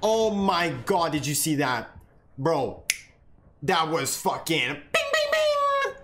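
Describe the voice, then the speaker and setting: Man, young adult, high voice, gaming streamer, profane, excitable, shouting and laughing, faint noise. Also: slow pace. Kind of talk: live gameplay commentary.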